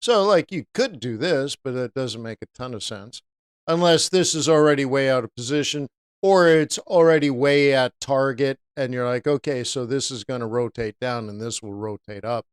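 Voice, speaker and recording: Chatty male forex trainer, crisp dry voice. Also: mid-range voice, moderate pace, no room sound. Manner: chatty, animated, answers viewers by name. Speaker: forex trading instructor. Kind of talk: live-stream trading lesson.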